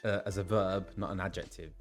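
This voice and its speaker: A man's voice: sits low, steady tone, fairly quick, soft background music. A man who voices game characters, chatting casually with his live-stream viewers and reading out where they are from. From England.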